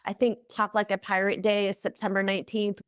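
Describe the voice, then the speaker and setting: A woman's voice: mid-range voice, flat delivery, brisk, smooth, dry recording, studio quality, faint music behind. A woman being interviewed as the head of a math organization, explaining its programs in an earnest, enthusiastic way. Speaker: executive director of a math organization, guest. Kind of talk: interview answers.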